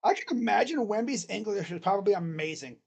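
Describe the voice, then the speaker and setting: A streamer calling a basketball game live in a loose, chatty way, drifting into jokes and asides between plays. The voice sits at an ordinary middle pitch, and each play is called in slow, drawn-out words before it slips back into an easy ramble. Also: sing-song, creaky, a little mellow. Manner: rambling, joking, talks to himself between plays; drawn-out play calls during game action. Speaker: sports reaction streamer. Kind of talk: casual live play-by-play reaction.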